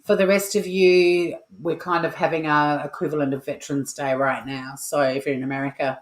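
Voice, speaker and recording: A woman's voice: sits low, level tone, brisk, reverberant. An Australian woman hosting a casual cooking livestream from her kitchen, chatty and playful, swearing freely and making asides to her viewers. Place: home kitchen. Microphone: home mic.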